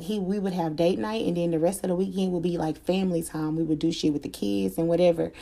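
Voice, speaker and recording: A woman chatting to her viewers in a loose storytime style, candid and full of slang, with a warm, mellow tone. Her voice sits a little low, and she talks plainly and openly, swearing freely as she goes. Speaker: vlogger telling a personal story. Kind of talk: casual storytime chat.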